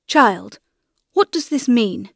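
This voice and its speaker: A woman voicing a startled, stern gentleman in an audiobook, asking urgent questions. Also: fairly high pitch, big pitch swings, takes it slowly, creaky, no room sound, clean studio sound, exaggerated voice. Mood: alarmed. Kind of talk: audiobook character reading.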